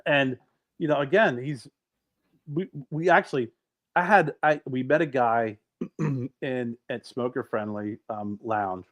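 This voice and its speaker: Rambling male podcast co-host, mid-pitched. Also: slow. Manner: rambling, animated storyteller with frequent restarts. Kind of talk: casual chat.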